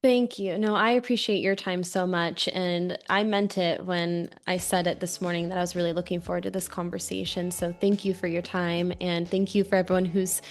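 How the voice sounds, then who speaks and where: A woman's voice: lowish voice, level tone, normal speed, hardly any pauses. A woman hosting a podcast, asking questions in a polite, conversational way. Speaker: podcast host. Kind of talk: interview.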